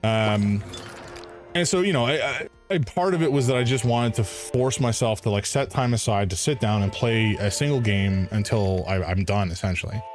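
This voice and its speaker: A man chats casually while streaming a game, rambling and hesitant with many fillers. His voice is lowish at a normal speed, with soft music in the background.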